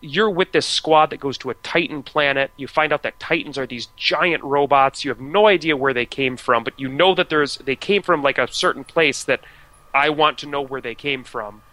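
Talking video games in a loose, chatty way, this American podcast co-host keeps restarting sentences and dropping fillers. His medium-pitched voice is pushed and bright at a moderate pace. The recording is rough but has no echo.

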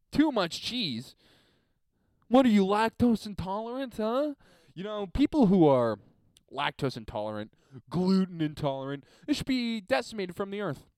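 A man's voice: sits high, sing-song, normal speed, a little mellow, clean tone, no room sound, studio quality. A man hosting a solo podcast from a basement, reading listener emails in a crude, sarcastic, rambling rant. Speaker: podcast host.

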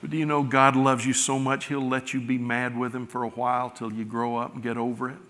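A middle-aged male pastor preaching a sermon, swelling loud on key words and then dropping soft. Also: mid-range voice, flat delivery, a little fast. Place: large church sanctuary. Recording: church hall reverb.

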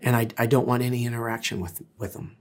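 A man's voice: medium pitch, flat delivery, quick pace. A middle-aged man, a pastor, preaching a sermon in an earnest, conversational way, with frequent hesitations. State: tearful, emotional.

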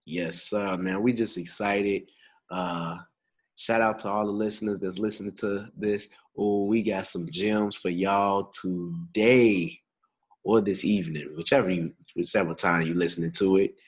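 Husky low-voiced young man chatting laid-back. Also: steady tone, unhurried, poor audio. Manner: laid-back, slangy and chuckling. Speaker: podcast co-host. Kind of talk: casual podcast chat.

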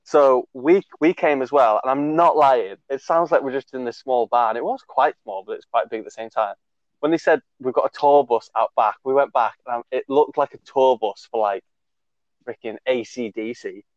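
A man's voice: medium pitch, moderate pace, no echo, highs cut off. Young man telling a rambling story. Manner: rambling, laughing, lots of fillers and swearing. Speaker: podcast co-host. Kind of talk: casual storytelling chat.

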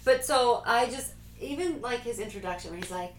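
A woman chatting casually about movies, animated and laughing often. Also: a little high, fairly quick. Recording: echoey room with faint noise.

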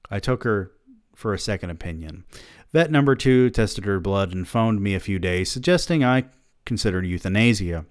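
A man's voice: lowish voice, animated, normal speed, no room sound, clean studio sound. A man reading a story aloud who keeps breaking off to mock himself in sardonic comic asides. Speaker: reader of a story.

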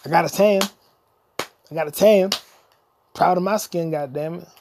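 Speaking at a measured pace in a slightly high, darkish voice, the podcast host wanders through a comedic monologue. He bounces loosely between talk and improvised scat singing, with slight background noise behind him.

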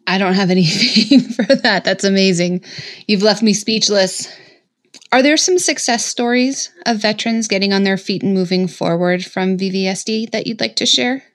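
A woman hosts an interview in a middle-pitched voice. She reacts effusively to her guest's answers and then puts her questions plainly. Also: moderate pace.

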